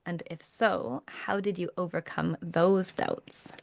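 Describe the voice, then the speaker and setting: A woman's voice: on the low side, slow pace, gravelly, no echo. A woman hosting a coaching podcast, reflecting back on what her guest says and sharing her own experience. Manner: reflective, summarizing, encouraging listener. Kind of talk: conversational interview.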